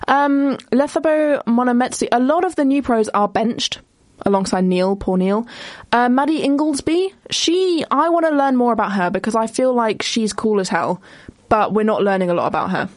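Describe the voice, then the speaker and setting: A woman's voice: fairly high pitch, lively intonation, dry recording. Chatty young woman, rambling. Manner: chatty and rambling, quick asides, self-interrupting. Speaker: podcast host. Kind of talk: casual solo commentary.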